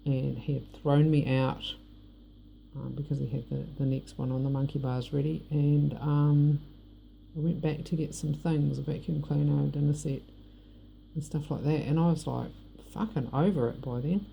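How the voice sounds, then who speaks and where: A woman's voice: low-pitched, fairly even intonation, moderate pace, gravelly, dark tone, slight background noise. A middle-aged woman with a New Zealand accent, talking frankly in a rambling personal vlog and not shy of swearing. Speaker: vlogger. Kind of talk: personal monologue.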